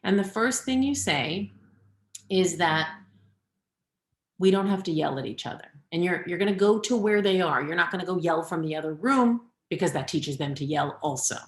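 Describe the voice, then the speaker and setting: A woman's voice: lowish voice, animated. Earnest woman coach in echoey room. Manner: earnest, advising, shifting between quick and slow deliberate delivery. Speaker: parenting coach. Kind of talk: webinar talk.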